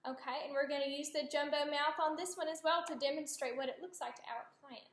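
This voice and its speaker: Casting: high-pitched woman speech therapist, patient and encouraging, roomy echo. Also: fairly even intonation, a little fast, a bit bright. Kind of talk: clinical demonstration.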